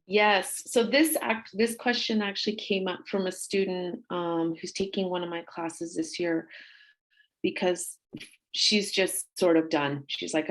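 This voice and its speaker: A woman's voice: on the low side, fairly even intonation, measured pace, rough recording. A woman gender studies professor on a webinar panel, giving earnest advice to students with frequent fillers, heard over a video call. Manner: earnest, advising, many fillers. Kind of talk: panel discussion.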